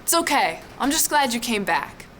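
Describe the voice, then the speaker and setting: A woman's voice: a little high, sing-song, normal speed, a bit bright, slight background noise. A woman hosting a comedy show, introducing segments in a playful, wry way. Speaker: host.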